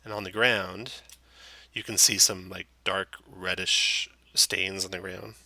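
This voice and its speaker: Man, dungeon master, relaxed narration, low voice, gravelly, dry close sound. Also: takes it slowly, no echo. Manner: relaxed, with frequent fillers. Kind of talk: narrating a tabletop game.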